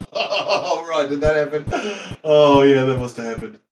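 A man voices a flippant young male parakeet. He drawls slowly in a somewhat high voice and keeps swearing and laughing. A faint hiss sits under the recording. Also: big pitch swings, low-quality recording. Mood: mocking.

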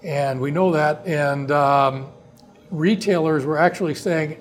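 A man with a slightly raised pitch, talking as a guest about his company's early days. He rambles through long anecdotes, stopping and restarting phrases as he goes. The tone stays casual and conversational. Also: takes it slowly.

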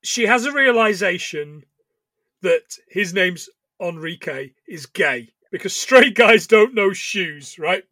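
A man co-hosting a podcast in a high, bright voice. He recaps a film with a lot of swearing and jokey asides. The sound is close and dry. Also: animated, slow pace, no echo. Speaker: podcast co-host. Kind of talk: casual film recap chat.

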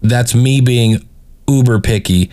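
A man's voice: medium pitch, slow pace, warm tone. A man casually reviewing a podcast, picky and hesitant, often restarting his sentences. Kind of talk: casual critique over playback.

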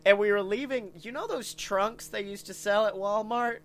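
A man co-hosting a casual podcast, with a high, bright voice. He tells rowdy stories with big swings of energy, swearing freely and breaking into laughter. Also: moderate pace, a little hiss or hum. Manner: animated storyteller, swearing, laughing often. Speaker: podcast co-host.

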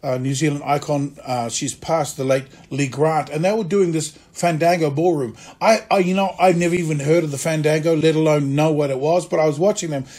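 Husky man telling stories. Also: a little high, fairly quick, few pauses. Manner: lively, acts out quoted voices. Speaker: actor and acting teacher. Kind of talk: conversational storytelling interview.

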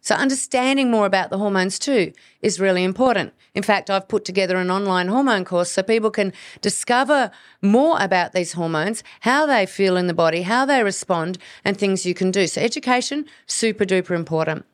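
A woman's voice: medium pitch, animated, a little fast, no room sound. Woman, earnest coaching podcast talk, dry close sound. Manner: earnest, coaching, acts out inner voices. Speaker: podcast host, hormone practitioner. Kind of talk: solo educational podcast talk.

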